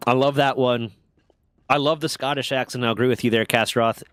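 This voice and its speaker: A man's voice: mid-range voice, steady tone, fairly quick, fairly bright tone, smooth, no echo. Man, from the US, stream host, casual chatter, swears a lot, laughs often, dry close sound. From United States. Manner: profane, rambling, laughs often. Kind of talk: casual podcast-style chat.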